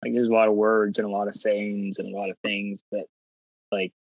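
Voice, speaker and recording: A man's voice: on the low side, level tone, brisk, gravelly, no room sound. A man chatting casually in an easygoing, agreeable way. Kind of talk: casual chat. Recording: dry, muffled.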